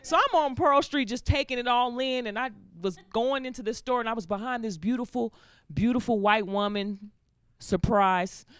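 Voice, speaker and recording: A woman performing a stand-up comedy set, telling lively stories and acting out characters in put-on voices. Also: a little high, normal speed, smooth, no echo. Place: comedy stage before a laughing audience.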